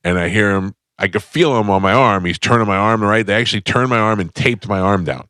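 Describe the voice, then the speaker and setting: A man's voice: on the low side, fairly quick, sharp tone, clean tone, no room sound. A male radio host in casual studio chat, telling a long, self-deprecating comic story with lots of detours. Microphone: studio microphone.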